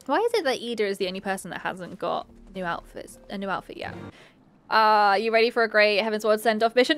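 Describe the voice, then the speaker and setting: A woman's voice: mid-range voice, fast, fairly bright tone, soft background music. A young woman streaming a game, reacting emotionally, gushing, laughing and swearing at the screen. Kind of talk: live gameplay reaction.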